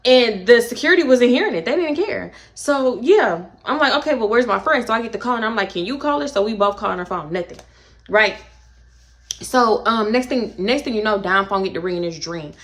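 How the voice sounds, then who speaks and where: A young woman with a Houston accent telling a casual storytime, animated and swinging between hushed and exclaiming. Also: a little high, fairly quick. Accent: Houston, Texas. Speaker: storytime vlogger.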